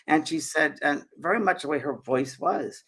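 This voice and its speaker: Husky, gravelly man telling a story. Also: fairly high pitch, normal speed. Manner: animated, repeats and restarts often. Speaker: host. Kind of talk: casual storytelling chat.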